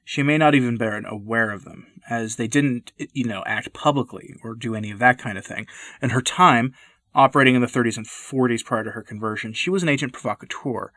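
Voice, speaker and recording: A man giving earnest, measured scripted commentary, stressing key words as he reads. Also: mid-range voice, sharp tone, no room sound.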